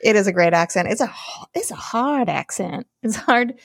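A woman's voice: mid-range voice, lively intonation, moderate pace, creaky, husky, dry recording. A woman co-hosting a casual podcast, laughing often and swearing freely. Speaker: podcast co-host.

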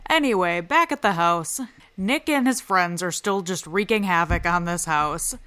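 A woman's voice: on the low side, normal speed, pushed and bright, smooth. A woman host recapping a reality show in a casual, crude, joking way. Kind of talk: comedic TV recap.

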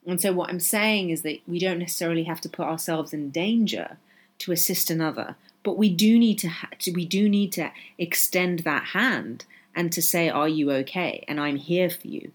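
On her own podcast, a woman with a lowish, breathy-edged voice speaks at normal speed. Her delivery is earnest and impassioned, and she hammers points home by repeating them.

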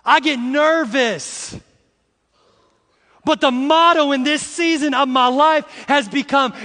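A middle-aged man preaches in a high, bright voice, drawn out and deliberate, swelling into shouted lines. His words ring with the long reverb of a large hall. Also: steady tone. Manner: preaching with rising shouts and slow emphatic repetitions; uses "y'all" and "see" to address the congregation. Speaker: pastor. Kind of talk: sermon.

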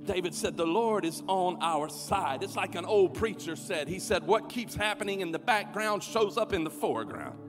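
A man preaching a sermon as pastor, calling on the crowd to respond and swelling to shouts. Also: sits high, expressive, normal speed, few pauses. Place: large church auditorium. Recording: long hall reverb with music behind.

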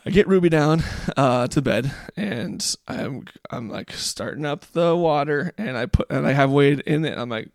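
A man with a gravelly, slightly raised voice, chatting casually and reflectively about parenting. He rambles, pauses and restarts with lots of "like"s. The recording is dry and close, with no room sound. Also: a little high, no echo. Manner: rambling and reflective, many fillers. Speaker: podcast co-host; father. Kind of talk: casual storytelling chat.

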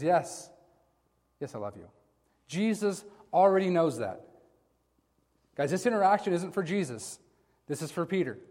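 A man's voice: mid-range voice, darkish tone. A man preaching a sermon in a conversational way, talking to his listeners as guys. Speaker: pastor. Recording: long hall reverb.

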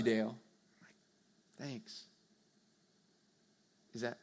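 A young man preaching a sermon to a live audience, earnest and conversational, swinging from hushed to loud emphasis. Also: medium pitch. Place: church or meeting hall with a live audience.

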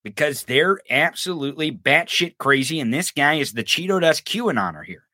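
Male podcast host, profane and mocking; bright tone, dry close sound. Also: on the high side, moderate pace, no room sound. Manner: animated, swearing, mocking. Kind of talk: profane political commentary.

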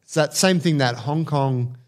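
A man co-hosting a podcast, telling relaxed anecdotes and swearing freely in casual chat. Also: on the high side, unhurried. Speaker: podcast co-host.

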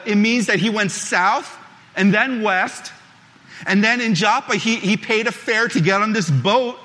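A man with a notably high voice delivers a sermon, first reading scripture in a measured, steady way, then speaking conversationally and circling back on his words. His voice rings out with a long reverb tail, as if in a large church sanctuary. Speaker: pastor.

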